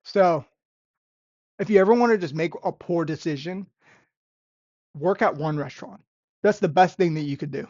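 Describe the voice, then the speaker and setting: A woman's voice: fairly low pitch, normal speed, pauses often, a little mellow, dry recording. A young woman, a restaurant busser, ranting in a vlog monologue with sarcastic exasperation and repeated phrases. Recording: dull, lo-fi and dry.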